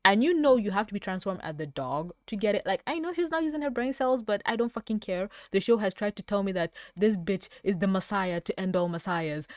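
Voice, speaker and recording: Swearing woman ranting in a lively voice. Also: medium pitch, no room sound, clean studio sound. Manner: profane, laughing often, rants. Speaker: animated series reviewer. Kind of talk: reaction commentary on a cartoon.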